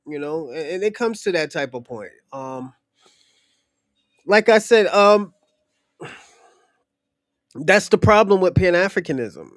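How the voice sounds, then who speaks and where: A man's voice: sits high, expressive, slow, long pauses, fairly bright tone, no room sound, clean studio sound. A young man talking bluntly and heatedly in a casual podcast discussion, swearing and repeating his points. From United States. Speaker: podcast host.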